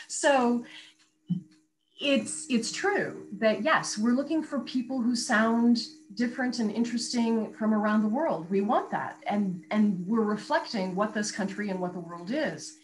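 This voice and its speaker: A woman's voice: a little high, measured pace, low-quality recording. Articulate woman explaining voice work. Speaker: voice coach and radio guest. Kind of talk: conversational interview.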